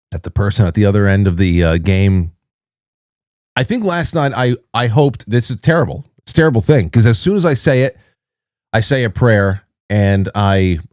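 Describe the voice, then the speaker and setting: A man's voice: fairly low pitch, a little mellow, dry recording, studio quality. A man hosting his own show, rambling through stories and news in a wry, casual way. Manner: rambling, wry, restarts mid-sentence. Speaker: podcast host. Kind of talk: casual solo commentary.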